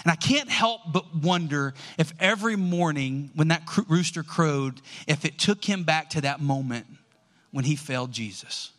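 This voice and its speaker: A man preaching a sermon, telling a Bible story with lively, acted-out dialogue. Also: on the high side, moderate pace. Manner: animated storytelling, acts out quoted lines. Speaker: pastor.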